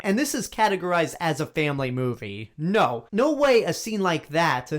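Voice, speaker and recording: A man's voice: a little high, very animated, moderate pace, hardly any pauses. Blunt, exasperated man reviewing a movie. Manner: blunt and exasperated, emphatic repetition. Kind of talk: opinionated film review monologue.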